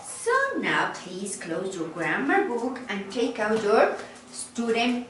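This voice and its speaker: A woman's voice: on the high side, big pitch swings, a bit bright, a little hiss or hum. A woman teaching an English class, patient and explaining each phrase with repetition. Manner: slow, patient, repeats and translates each phrase. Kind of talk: online class instruction. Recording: roomy, distant recording.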